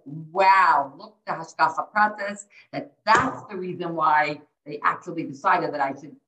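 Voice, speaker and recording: A middle-aged woman who works as a dating coach speaks in a low-pitched, slightly bright voice. In a podcast interview she tells heartfelt stories, scattering Yiddish and Hebrew terms throughout. The lo-fi audio sounds dull, distant, and echoey.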